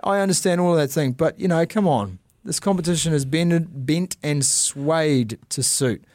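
A man co-hosting a casual sports podcast, talking in an animated, ranting, sarcastic way. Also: on the high side, normal speed, no echo, clean studio sound. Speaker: podcast co-host. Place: podcast studio.

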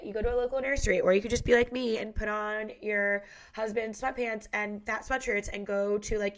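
A young woman hosting a podcast in casual chat, congested from a head cold, bubbly and gushing with lots of "like". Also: on the high side. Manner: bubbly, gushing, heavy use of "like". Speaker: podcast host.

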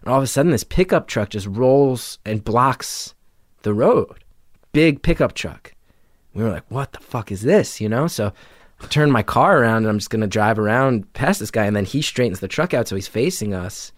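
A comedian from New Jersey telling a story in casual conversation, animated and full of filler words. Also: male voice, medium pitch, normal speed, no echo, clean studio sound. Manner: animated, acts out quotes, many filler "like"s. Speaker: comedian guest.

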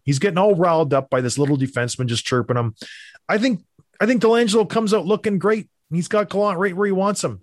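A man who used to play hockey, hosting a casual sports talk show and giving animated, opinionated rants. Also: sits high, dry recording, clean studio sound. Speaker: podcast host, former hockey player.

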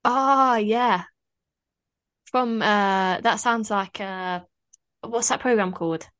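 A woman's voice: medium pitch, fairly bright tone, no room sound, clean studio sound. A young woman co-hosting a podcast, chatting casually in an easygoing, teasing way. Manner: easygoing, teasing, quick to laugh. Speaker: podcast co-host. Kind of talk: casual chat.

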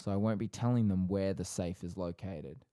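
A man co-hosting a casual podcast in a laid-back, joking way. His voice sits fairly low. The sound is dry and close. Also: fairly even intonation, normal speed, warm tone, no echo. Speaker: podcast co-host.

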